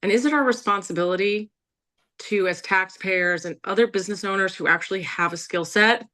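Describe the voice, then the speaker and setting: A woman's voice: mid-range voice, brisk, sharp tone. Hesitant woman giving a critical public comment. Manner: hesitant, filler-heavy, critical. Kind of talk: public comment at a town meeting.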